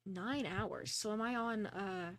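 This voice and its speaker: At a slow pace and in a mid-range voice with no echo, a young woman streams a detective game. She chats easily, reads the dialogue, and keeps second-guessing her choices out loud with self-deprecating remarks.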